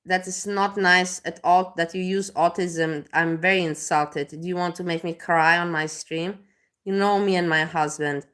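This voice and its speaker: A woman's voice: on the low side, steady tone, moderate pace, fairly bright tone. A young adult woman live streamer chatting casually, who swears often and gets worked up and emotional. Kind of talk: casual reaction chat.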